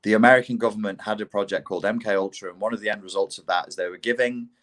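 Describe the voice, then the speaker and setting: A man with a low voice talks through a casual podcast chat. He swears freely and builds from measured points to indignant outbursts, his voice jumping up when he gets worked up. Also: steady tone, a bit bright. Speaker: podcast co-host.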